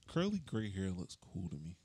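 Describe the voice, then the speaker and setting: A man co-hosting a podcast in casual chat, teasing and quick. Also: deep voice, huge pitch swings, warm tone, husky. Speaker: podcast co-host.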